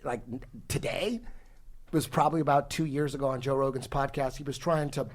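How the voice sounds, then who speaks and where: A man's voice: medium pitch, fairly even intonation, brisk. A man in his forties telling a long story in casual podcast talk, profane and rambling with many restarts. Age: 40s. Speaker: podcast guest. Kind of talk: casual conversation.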